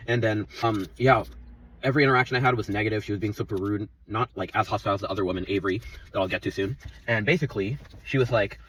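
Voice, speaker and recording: A man's voice: on the low side, fast, a bit bright, breathy edge, distant mic, low-quality recording. A man in his twenties telling an angry, profane story about his workplace, rambling and heated. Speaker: vlogger.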